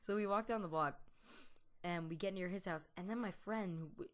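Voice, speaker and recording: A man's voice: high-pitched, normal speed, a bit bright. A teenage boy, a gaming YouTuber, telling a long story over gameplay, rambling with lots of fillers and restarts. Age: teens. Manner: laughs now and then while telling.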